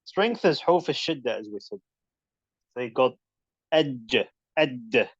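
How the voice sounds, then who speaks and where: A man's voice: mid-range voice, big pitch swings, moderate pace, husky, dry recording, muffled recording. A man teaching a casual recitation lesson, demonstrating letter sounds aloud as he explains. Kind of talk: informal tajweed lesson.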